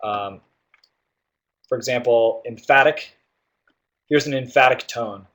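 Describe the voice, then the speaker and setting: A man's voice: medium pitch, fairly even intonation, moderate pace, pauses often, fairly bright tone. A male tutor walking students through reading question types, explaining in an easygoing way with many fillers and "right?" checks. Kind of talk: guided test-prep walkthrough.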